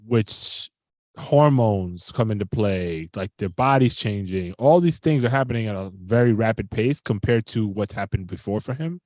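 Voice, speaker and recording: Lower-voiced man explaining calmly. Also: no room sound. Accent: Miami. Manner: measured, explains and asks follow-up questions. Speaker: podcast co-host. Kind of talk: casual chat.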